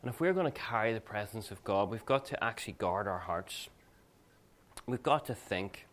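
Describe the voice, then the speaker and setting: A male pastor with a fairly low voice preaches a sermon and tells stories along the way. His delivery is conversational and earnest, more like chatting than proclaiming. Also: animated, moderate pace, a bit bright. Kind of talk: sermon with personal anecdotes.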